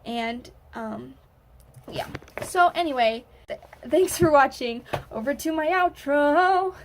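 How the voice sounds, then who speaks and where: A woman student recapping a game to her viewers in a casual, animated way, swearing now and then. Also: high voice, slow pace, a little hiss or hum. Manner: animated, excitable, swears freely. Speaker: gaming vlogger, student.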